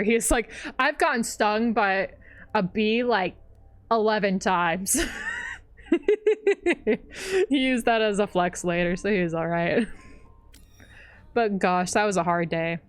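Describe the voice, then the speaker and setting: Rambling young woman streamer, smooth voice. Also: mid-range voice, no echo. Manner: rambling, heavy on fillers, laughs often. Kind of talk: casual chat while gaming.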